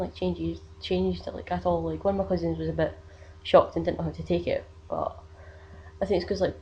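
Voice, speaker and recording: A woman's voice: on the low side, dark tone, dull audio. A young woman, telling a personal story in a casual vlog, rambling with many fillers. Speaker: vlogger.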